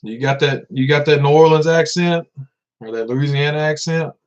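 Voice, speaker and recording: A vlogger in his thirties from Tennessee chats casually on a livestream in a Southern accent, laid-back, laughing often, and repeating words as he talks. His voice is a little high and his pace moderate, and the recording sounds dull and lo-fi.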